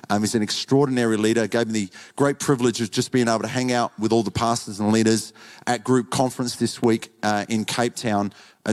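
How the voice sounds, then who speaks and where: An Australian man speaks to a church congregation as guest pastor. His delivery is chatty and enthusiastic, full of greetings, in a large auditorium. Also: on the low side. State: recovering from illness. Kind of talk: sermon greeting.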